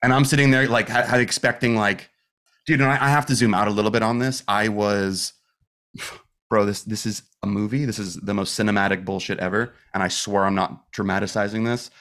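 A man's voice: lowish voice, fairly even intonation, a little fast, fairly bright tone. A man guest on a podcast, telling a personal story in casual, candid talk full of swearing and fillers. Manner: rambling with restarts and fillers like "dude" and "like". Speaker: podcast guest, metal musician.

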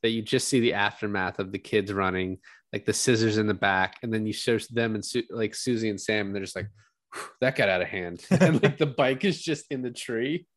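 A man with a fairly low voice, talking loosely about a film he is revisiting. He laughs a lot, curses freely and puts on quick voices for the characters. The sound is dry and close, with no room around it. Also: no room sound. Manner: laughing, swearing, acts out quoted characters. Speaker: podcast co-host. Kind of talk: casual movie discussion.

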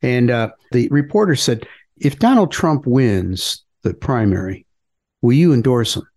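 A man's voice: mid-range voice, lively intonation, unhurried, darkish tone. A middle-aged man co-hosts a casual political chat in an everyday mid-range voice. He speaks in a plain, earnest, folksy way and tells stories from his own work. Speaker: politician and podcast co-host.

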